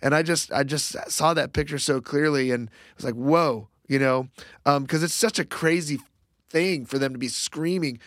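A man talking through a Bible passage in a casual faith discussion, reflective and halting, with many fillers and restarts. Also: on the high side, fairly bright tone, no room sound, clean studio sound.

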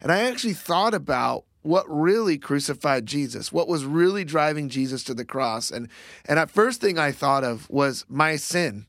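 A man in a casual faith discussion works slowly through his thoughts, pausing and restarting often. His voice sits a little high. The sound is dry and close, with no room around it. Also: expressive, a bit bright, no room sound. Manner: reflective, halting, many fillers and restarts. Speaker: Bible discussion co-host.

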